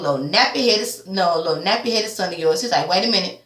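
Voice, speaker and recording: A tired woman giving a sassy, casual TV episode recap, swearing freely and jumping up in pitch when she quotes the characters. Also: lively intonation, fast talker, hardly any pauses, bright, forceful tone. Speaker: TV recap vlogger. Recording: echoey room.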